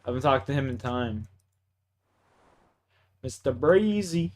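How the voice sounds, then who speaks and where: A man's voice: mid-range voice, lively intonation, a little slow, darkish tone. Laid-back young Canadian man, profane chat. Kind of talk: casual chat.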